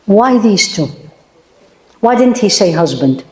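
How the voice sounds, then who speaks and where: A woman lecturer giving a religious talk to a gathering of women, emphatic, asking her audience many questions and reciting Arabic verses quickly between her English. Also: mid-range voice, very animated, a little mellow. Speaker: Islamic lecturer. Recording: echoey room.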